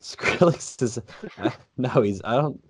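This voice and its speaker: A young man co-hosting a podcast, cutting in with quick jokes in casual chat. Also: medium pitch, expressive, breathy edge. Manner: quick joking interjections. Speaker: podcast co-host.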